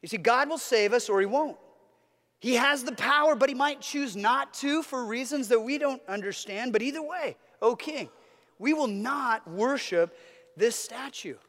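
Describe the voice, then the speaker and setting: A man's voice: very high-pitched, expressive, moderate pace, a bit bright, in a large hall. A man preaching a sermon as a pastor, earnest, with a repetitive, building cadence.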